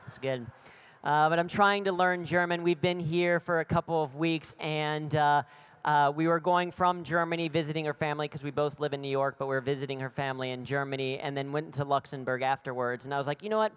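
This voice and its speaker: American man, 30s, comic keynote speaker, slightly high smooth voice, lively and self-mocking. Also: fairly quick. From United States. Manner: energetic, self-deprecating jokes. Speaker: conference speaker. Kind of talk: comedic keynote talk.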